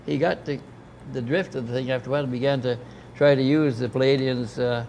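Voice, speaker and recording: A man's voice: medium pitch, steady tone, brisk, creaky, a little mellow, slight background noise. An older man, a guest at a club gathering, telling a long anecdote in casual conversation, with many restarts and asides. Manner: rambling, anecdotal, frequent restarts. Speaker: interview guest. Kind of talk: casual storytelling. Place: club dining room.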